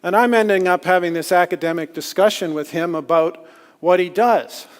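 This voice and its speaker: Male speaker, slightly high voice, self-deprecating storyteller, long hall reverb. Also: clean tone. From Canada. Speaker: conference speaker. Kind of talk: storytelling talk. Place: lecture hall.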